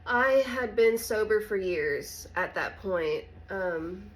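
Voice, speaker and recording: A woman vlogger telling a personal story in a candid, halting, soft-spoken way. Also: medium pitch, expressive, poor audio. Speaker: recovery vlogger.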